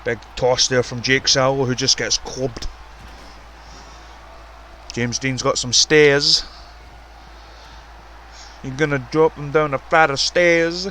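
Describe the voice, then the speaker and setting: A man giving casual, profane, excitable commentary on a wrestling video game and ranting about the roster. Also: medium pitch, slow pace, pauses often, slight background noise. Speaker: commentator and show runner.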